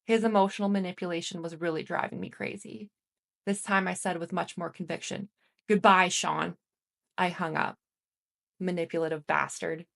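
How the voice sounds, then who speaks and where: A woman streaming live, reading a memoir aloud in a steady first-person voice, like an audiobook. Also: lowish voice, a little fast, vocal fry.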